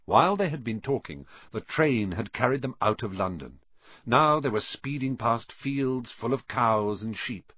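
A man reads a storybook aloud with an animated, expressive delivery. His voice is husky and swings widely in pitch. The recording sounds dull and dry. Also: a little slow, no echo. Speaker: audiobook narrator. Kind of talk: scripted storybook narration.

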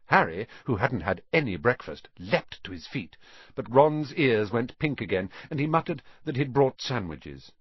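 A man narrating a storybook audiobook with an expressive, animated reading. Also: medium pitch, husky, dry recording, lo-fi sound.

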